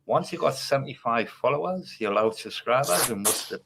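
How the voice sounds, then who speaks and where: A man's voice: medium pitch, expressive, brisk, gravelly, noisy background. A man rambling and swearing his way through a casual livestream chat as a guest. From North East England. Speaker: guest streamer.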